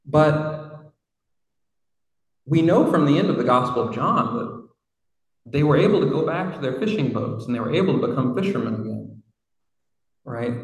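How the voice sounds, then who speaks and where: A man preaching a sermon in a reflective, conversational way, with casual asides. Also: a little high. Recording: roomy hall from far off.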